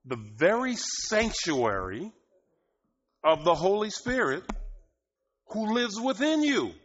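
High-voiced preacher man, slow and emphatic. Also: very animated, slight background noise. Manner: rising to loud emphatic bursts, laughing often. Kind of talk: sermon. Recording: dull lo-fi recording.

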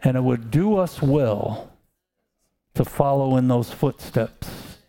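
Slow-speaking male preacher, mellow tone. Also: medium pitch. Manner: slow, emphatic, calls out to congregation. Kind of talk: sermon.

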